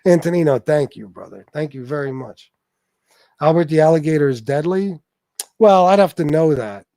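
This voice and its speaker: Blunt cursing guy hosting his livestream, voice a bit on the high side, dry close sound. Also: animated, moderate pace, warm tone, dry recording. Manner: blunt and profane, reading out viewer names. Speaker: livestream host. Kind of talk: casual livestream chat.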